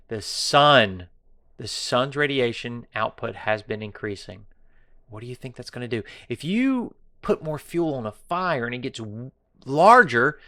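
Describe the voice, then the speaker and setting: A man's voice: medium pitch, a bit bright, no echo, clean studio sound. A man hosting a political commentary monologue, sarcastic and mocking, taunting his viewers and now and then dropping to a whisper for effect. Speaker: commentary show host.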